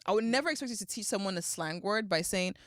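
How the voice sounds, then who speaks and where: A woman's voice: medium pitch, expressive, quick pace, no echo, studio quality. A woman hosting a podcast, talking in an earnest, rambling way with lots of "like" fillers in casual interview chat. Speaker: podcast host.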